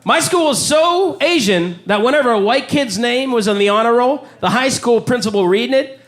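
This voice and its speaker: Canadian man doing stand-up, high voice. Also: animated. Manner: wry, conversational, does quick voices for bits. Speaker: stand-up comedian. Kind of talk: live stand-up set. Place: comedy club with a live audience. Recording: live club recording with loud crowd and noise. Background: audience laughter and room ambience.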